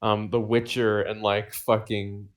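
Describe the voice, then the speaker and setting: A man's voice: fairly low pitch, little pitch movement, a little slow. Rambling, swearing young podcast guy. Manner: rambling, lots of fillers and swearing, laughs often. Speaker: podcast co-host. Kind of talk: casual podcast chat.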